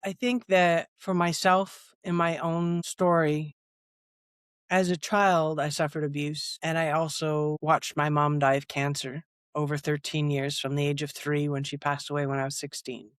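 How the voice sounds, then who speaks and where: A woman interview guest on a video call, calmly sharing her personal story in a steady, matter-of-fact way. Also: low voice, a little slow, clean tone, dry recording, clean studio sound. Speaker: guest, resilience coach. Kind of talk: measured personal testimony.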